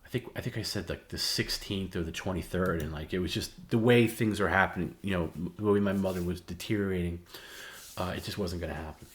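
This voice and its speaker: A man co-hosting a show, chatting casually on a livestream in a halting, soft-spoken way with many restarts. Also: deep voice. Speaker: show co-host.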